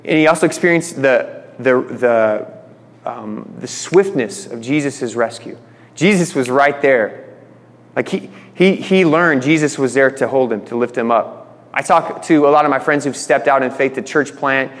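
A man's voice: medium pitch, measured pace. Male pastor in a reverberant hall. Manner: conversational, retells stories with voiced quotes. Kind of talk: sermon.

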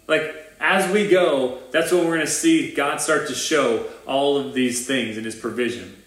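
Man, pastor, casual earnest sermon, mid-pitched voice, roomy echo. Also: normal speed, few pauses, a bit bright. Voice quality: earnest, informal preaching with restarts and asides. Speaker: pastor of a new church plant. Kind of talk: conversational livestream sermon.

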